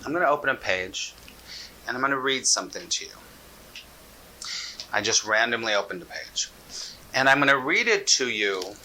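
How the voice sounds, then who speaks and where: A man teaching about a spiritual text, speaking earnestly with slow, deliberate emphasis. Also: mid-range voice, low-quality recording. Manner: soft, drawn-out reading aloud.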